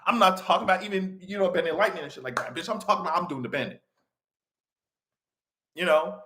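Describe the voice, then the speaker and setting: A live-stream commentator with a mid-range voice talks at a quick pace. Casual and animated, he swears freely and laughs often.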